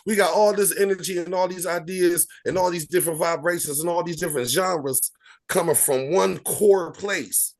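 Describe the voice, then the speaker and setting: A man's voice: high voice, moderate pace. A man in a casual group discussion, speaking in an emphatic, rambling way. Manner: emphatic, rambling, repeats phrases. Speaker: discussion participant.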